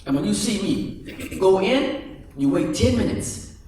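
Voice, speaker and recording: A man voicing a gentle, clever mother who speaks politely and soothingly. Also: sits high, expressive, measured pace. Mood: kind. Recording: echoey hall from far off, faint music.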